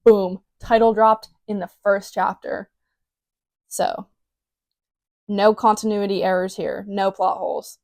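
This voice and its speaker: A woman's voice: mid-range voice, little pitch movement, slow pace, long pauses, darkish tone, dry recording. A young adult woman hosting a podcast, casually reading aloud and adding wry, teasing remarks with many fillers. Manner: wry, teasing self-mockery; filler-heavy, loose delivery. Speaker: podcast host.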